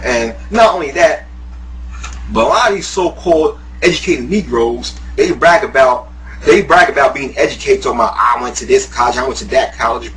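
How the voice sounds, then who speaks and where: A man talks straight to the camera in a heated, profanity-heavy rant. His voice sits a little high and swings wildly in pitch, and his mocking tone keeps breaking into laughter. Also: fairly bright tone, a little hiss or hum, low-quality recording. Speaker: YouTuber, guest. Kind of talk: profane ranting monologue.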